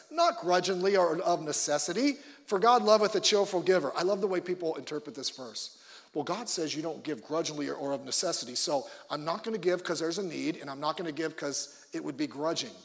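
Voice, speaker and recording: A male pastor preaching a conversational sermon with joking asides, swinging between loud emphasis and quiet low remarks. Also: big-room sound.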